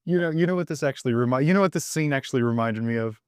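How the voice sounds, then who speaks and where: Man, podcast co-host, mid-pitched voice, animated, stumbles on restarts, dry sound. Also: rapid-fire, smooth, dry recording. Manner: animated, stammers on restarts, laughs while telling jokes. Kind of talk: casual TV episode discussion.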